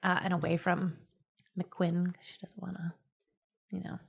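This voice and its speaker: A woman's voice: fairly low pitch, level tone, a little slow, vocal fry, husky. A woman playing a tabletop game, chatty and informal, with fillers. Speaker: player. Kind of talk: casual tabletop play.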